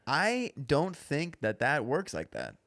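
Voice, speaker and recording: A young man co-hosting a comedy podcast, joking casually and slipping into slow dramatic quotes. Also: on the high side, huge pitch swings, fairly bright tone, no room sound, clean studio sound.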